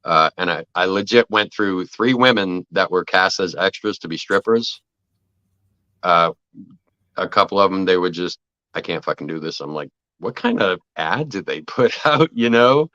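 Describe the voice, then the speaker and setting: Deep-voiced man telling casual stories. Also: moderate pace, dry recording, dull audio. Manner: animated anecdotes, acts out quoted voices, swears freely. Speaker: actor telling set stories. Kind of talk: casual podcast storytelling.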